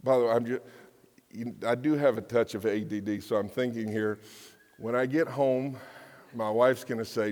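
A man's voice: medium pitch, moderate pace, darkish tone. Man preaching in an echoey hall. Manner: conversational, jokey, acts out quotes in voices. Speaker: pastor. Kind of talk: sermon. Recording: long hall reverb.

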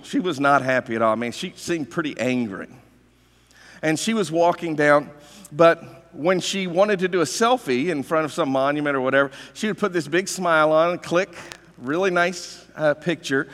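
A man's voice: on the high side, big-room sound. A male pastor preaching a sermon in a conversational, emphatic way, telling stories and asking rhetorical questions.

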